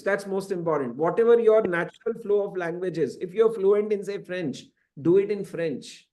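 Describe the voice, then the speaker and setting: A man whose voice sits high and sounds warm lectures to a scripture class in a temple classroom. His explanations run long and are peppered with "you know" asides.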